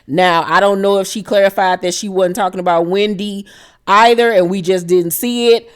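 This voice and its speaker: A woman's voice: mid-range voice, fairly even intonation, normal speed, smooth. A woman hosting a casual recap of a reality TV episode, blunt and profane, with dramatic asides and frequent laughter. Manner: laughs often while retelling scenes.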